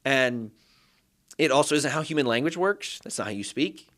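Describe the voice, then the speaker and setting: A man's voice: medium pitch, expressive, normal speed, fairly bright tone. Man patiently explaining ideas. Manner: thoughtful, building points step by step. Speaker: guest, Hebrew language teacher. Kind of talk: explanatory interview talk.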